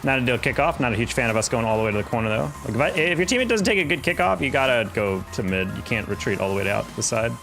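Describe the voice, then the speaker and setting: A man's voice: medium pitch, sing-song, racing, creaky, few pauses, a bit bright, faint music behind. A young man chatting casually on a live game stream, rambling and reacting to chat while he plays.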